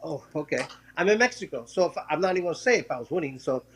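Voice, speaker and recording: A man with a high voice tells the story of one of his fights in a casual interview. He talks in quick bursts, tripping over restarts and repeats, and acts out the lines of the people in the story. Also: expressive, slight background noise. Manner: acts out quoted voices while telling a story. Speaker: former professional boxer, interview guest.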